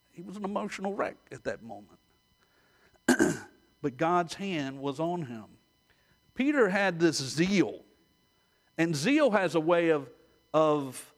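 A man preaching a sermon, retelling stories with animated, direct address to his listeners. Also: on the high side.

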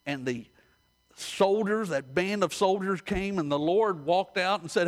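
A man preaching a sermon, retelling stories with animated, direct address to his listeners. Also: high voice, unhurried.

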